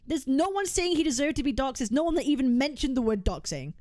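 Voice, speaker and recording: A woman's voice: high voice, expressive, fast, darkish tone, dry recording, clean studio sound. A woman streamer making a heated, argumentative case on stream, emphatic and often repeating herself. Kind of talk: heated reaction rant.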